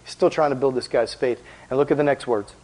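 A man preaching as a youth pastor in a casual, animated, conversational way, with lots of filler words. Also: medium pitch, quick pace, poor audio. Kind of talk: casual sermon.

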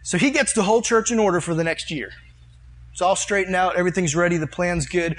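A man preaching a sermon, telling a personal story with fervent, animated delivery and leading a prayer. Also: sits high, fast.

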